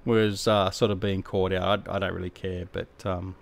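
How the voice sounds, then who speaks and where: A man's voice: sits low, flat delivery, normal speed, vocal fry, no echo. Middle-aged aussie bloke rambling to his stream chat, slangy and laid-back, dry sound. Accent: Australian. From Australia. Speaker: game live-streamer. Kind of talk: casual live-stream chat, replying to viewers.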